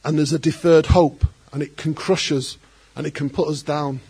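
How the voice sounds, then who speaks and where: A man preaches with a fairly high, husky voice. He is animated and breaks into quoted voices as he speaks. His delivery is laced with joking asides. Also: normal speed. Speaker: pastor. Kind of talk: sermon.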